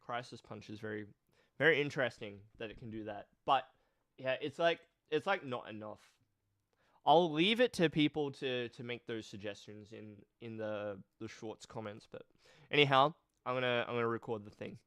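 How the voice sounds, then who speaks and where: A male streamer with a nasal, cold-stuffed voice, chatting slowly and thoughtfully on a casual live stream. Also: mid-range voice, fairly bright tone, dry recording, clean studio sound. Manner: slow, thoughtful, reads chat aloud. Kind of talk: casual live-stream chat about card games.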